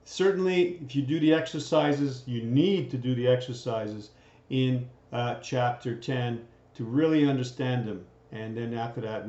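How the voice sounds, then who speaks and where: A man's voice: medium pitch, a little mellow. A man teaching a grammar lesson in a recorded lecture, checking in with "right?" after most points. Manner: keeps asking "right?" to check understanding. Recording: dull, roomy lecture recording.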